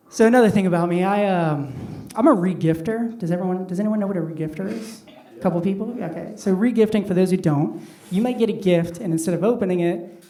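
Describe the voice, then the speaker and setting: A man's voice: high-pitched, dark tone. A middle-aged man performing a stand-up comedy set, talking loosely and conversationally with lots of "like" fillers. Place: comedy club stage. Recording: roomy club sound from a distant mic with audience. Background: audience laughter.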